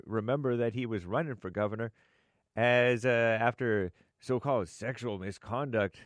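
A man's voice: on the low side, dry recording. An American man co-hosting a live talk show, reading viewer messages and headlines with offhand comments and frequent chuckles. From United States.

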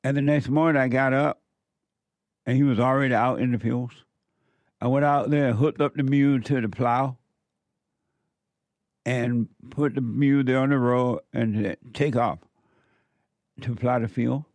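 A man's voice: mid-range voice, fairly even intonation, measured pace, pauses often, a little mellow, dry recording. A man hosting a commentary show, preaching emphatically and telling stories from his youth. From southern United States. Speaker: commentary host.

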